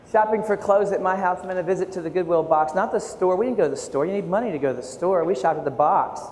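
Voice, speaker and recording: Storytelling man in an echoey hall. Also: fairly high pitch. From United States. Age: 40s. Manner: animated storytelling with self-mocking humor. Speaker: keynote speaker and art educator. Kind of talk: keynote talk to teachers. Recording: echoey hall, faint room noise.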